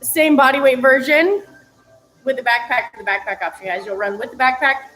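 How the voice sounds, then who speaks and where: A woman's voice: high-pitched, brisk, fairly bright tone, faint music behind, low-quality recording. A woman fitness coach giving chatty, upbeat instructions during a live-streamed workout, laughing now and then between cues.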